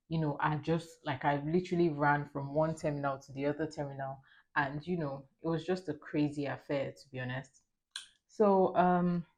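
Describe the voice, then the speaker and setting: A young woman with a notably low, deep-set voice, talking casually to her camera while getting ready. She tells her story in a chatty, animated way, laughing easily between lines. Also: lo-fi sound. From Nigeria. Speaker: lifestyle vlogger. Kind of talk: casual get-ready-with-me chat.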